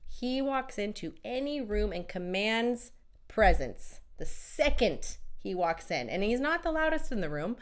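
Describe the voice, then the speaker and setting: A woman's voice: medium pitch, sing-song, a little slow. A woman hosting a casual live stream as a relationship coach, talking emphatically and chattily while she has a cold and keeps coughing. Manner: emphatic and chatty, with frequent "right?" and repeated words.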